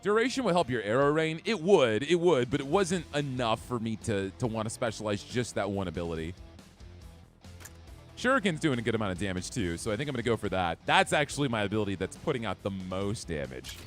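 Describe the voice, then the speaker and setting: A man's voice: medium pitch, very animated, a little fast, faint music behind. A man live-streaming a video game, chatting with his viewers and reacting to play. He talks in a chatty way, reads chat aloud, laughs often and has hiccups. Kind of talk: live gameplay commentary.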